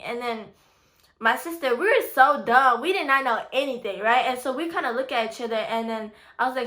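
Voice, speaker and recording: Young woman YouTuber, 20s, casual storytime, bright voice, rambling "like" fillers. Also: on the high side, brisk. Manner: chatty, full of "like" and "you know"; animated, voices the quoted family with rising excitement.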